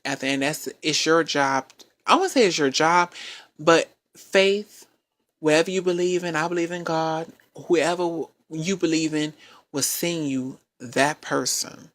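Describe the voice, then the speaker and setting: A man with a high-pitched voice telling a personal story in a casual chat, acting out the quoted lines. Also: measured pace, no echo. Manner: animated storytelling, acts out quotes. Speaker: podcast co-host.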